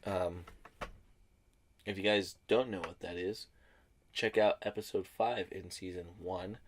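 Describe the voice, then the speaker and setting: Man, young adult, low pitch, casual podcast chat, blunt, swears a lot. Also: steady tone, measured pace, slight background noise. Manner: blunt, profane banter. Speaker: podcast co-host.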